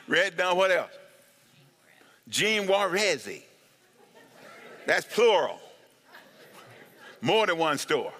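Animated laughing preacher man, high lively voice. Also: extremely slow, pauses often, in a large hall. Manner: animated, laughing, shouts of woo, asks for amens. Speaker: pastor. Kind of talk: humorous sermon.

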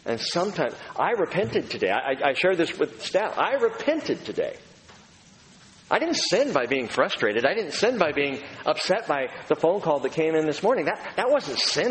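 A man preaching a sermon as a pastor, animated, acting out the voices he quotes. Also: on the high side. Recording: reverberant hall, faint room ambience.

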